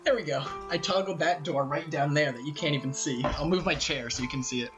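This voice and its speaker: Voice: medium pitch, a little fast. A streamer at home with an Eastern Canadian and American hybrid accent, chatting casually and rambling, with many fillers and self-corrections. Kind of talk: casual live-stream chat while eating. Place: at home near the kitchen. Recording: slightly muffled stream mic with music.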